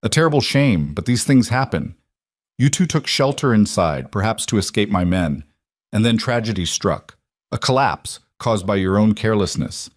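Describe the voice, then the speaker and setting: A man reading a cold, smooth villain boss. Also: fairly low pitch, animated, normal speed, dry recording, clean studio sound. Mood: menacing. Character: cold, calculating male villain mine boss.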